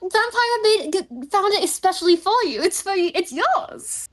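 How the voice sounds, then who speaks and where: A woman's voice: very high voice, animated, normal speed. A woman in a casual tabletop role-play session, teasing the others, laughing often and arguing stubbornly.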